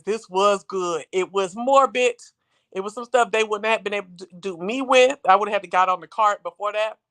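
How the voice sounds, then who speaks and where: A woman hosting a casual live-stream recap, talking in a chatty, slangy, animated storytelling way. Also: mid-range voice. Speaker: show recap host.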